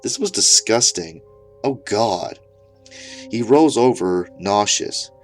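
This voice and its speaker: A man's voice: fairly low pitch, expressive, slow pace, soft background music. Mock-serious man reading a horror story. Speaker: narrator.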